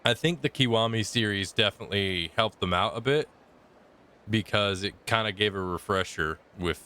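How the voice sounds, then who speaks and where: A man's voice: low voice, bright, forceful tone, smooth. A man streaming a game, chatting casually with lots of fillers and restarts. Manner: rambling, filler-heavy chat. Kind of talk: casual gaming commentary.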